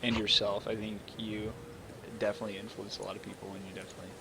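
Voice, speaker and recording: A man's voice: fairly low pitch, fast talker, vocal fry, very noisy. A man hosting a casual webcast over a voice call. He jokes around and moves the discussion along. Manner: relaxed, joking, leads the discussion. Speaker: webcast host.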